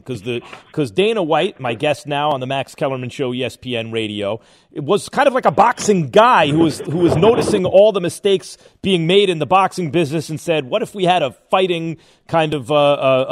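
A man hosting a sports radio show, interviewing a guest and thinking out loud with restarts as he probes. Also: fairly high pitch. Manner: probing, thinks aloud with restarts.

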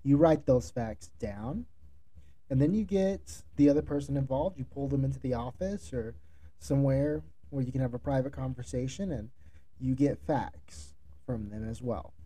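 A man with a deep, very mellow voice hosts a podcast and coaches listeners. His delivery is direct and instructive. He sounds like a manager passing on hard-won advice. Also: normal speed. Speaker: podcast host, restaurant manager. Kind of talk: solo podcast monologue giving advice.

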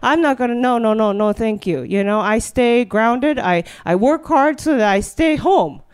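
A woman's voice: on the high side, expressive, normal speed, a little mellow, clear, resonant tone. A young woman doing a rambling stand-up monologue on stage, then hosting a live comedy show. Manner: rambling, riffing, full of "you know". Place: stage before a live audience.

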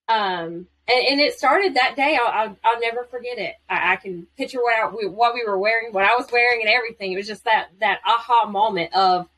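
Bright-voiced woman telling stories. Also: a little high, brisk, hardly any pauses, low-quality recording. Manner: animated storytelling. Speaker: guest, former military spouse. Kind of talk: casual conversation.

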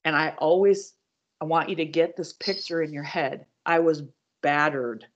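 A deep-voiced woman appears as a podcast guest, earnestly sharing her personal story directly with listeners, stopping and restarting as she goes. The audio is dull and lo-fi.

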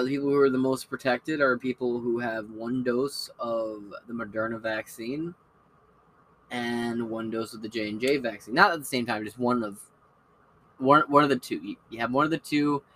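A man with a bright, sharp voice holds forth on his podcast in a loose, cursing ramble. His delivery is casual and opinionated over a faint hiss. Each point sounds sure of itself. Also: mid-range voice, steady tone, normal speed, low-quality recording. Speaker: podcast host. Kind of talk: casual monologue.

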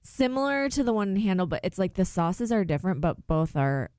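Animated young woman telling a story. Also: medium pitch, brisk, no room sound, clean studio sound. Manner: animated storyteller, many "like" fillers. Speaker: podcast host. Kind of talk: casual chat.

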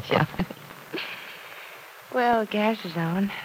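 A woman's voice: medium pitch, very animated, very slow, poor audio. An actress playing an earnest young woman in a 1940s radio drama, talking in an anxious, heartfelt way. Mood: playful. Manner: anxious, earnest, playful at times. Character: earnest young woman worried about her stepfather. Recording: old radio recording with faint hiss.

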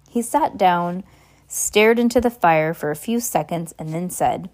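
A woman's voice: low voice, normal speed, a little mellow. A woman narrating a children's novel as an amateur audiobook, stumbling and correcting herself as she reads. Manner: stumbling, self-correcting reading. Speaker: reader.

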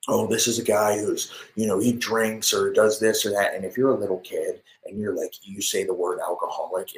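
Brash low-voiced man ranting on a stream. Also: low-quality recording. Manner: brash and boastful, swearing, swings between loud ranting and hushed whispering. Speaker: live streamer. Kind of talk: rambling hyped-up monologue. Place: home office. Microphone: desk mic in home office.

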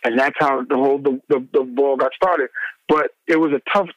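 A middle-aged man, a former radio DJ, telling animated stories in an interview and acting out the people he quotes. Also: moderate pace, no room sound, dull audio. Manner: acts out quoted people with big pitch swings.

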